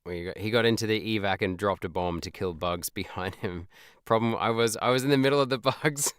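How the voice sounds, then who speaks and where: A man's voice: medium pitch, normal speed, clear, resonant tone, no echo, studio quality. A man streaming live, reacting to clips with frequent swearing and laughter, tired and yawning. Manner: excitable, swears, laughs often. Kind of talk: casual live-stream chat.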